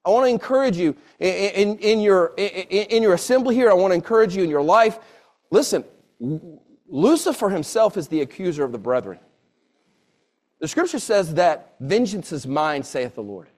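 A man in his forties preaches with a notably high-pitched voice. He is earnest and circles back on his phrases to drive each point home. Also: lively intonation, normal speed, a little mellow. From Southern United States. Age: 40s. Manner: earnest, repeats phrases for emphasis. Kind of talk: sermon.

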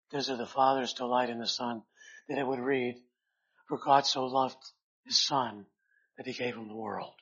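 A man preaching a sermon in a slow, earnest way, rising loud and then dropping to a hush. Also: mid-range voice, breathy edge, muffled recording.

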